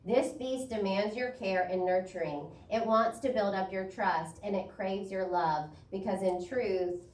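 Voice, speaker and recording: A woman's voice: mid-range voice, unhurried. A woman spiritual leader giving a sermon, reading expressively from a book. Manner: expressive, animated reading, laughs easily. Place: church sanctuary. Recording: echoey room, distant mic, faint ambience.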